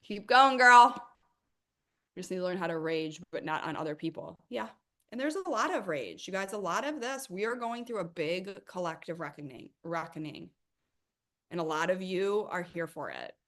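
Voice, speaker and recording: A middle-aged woman hosting a live money coaching workshop, answering chat questions with emphatic, energetic talk and calling her viewers "you guys.". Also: fairly low pitch, normal speed.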